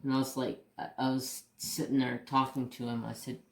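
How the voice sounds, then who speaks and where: A man with a flat, mid-range voice and some vocal fry hosts a crafting channel, telling rambling stories at a moderate pace as he works at his craft table. He's candid, swears mildly, and often restarts sentences, with a roomy echo on the recording.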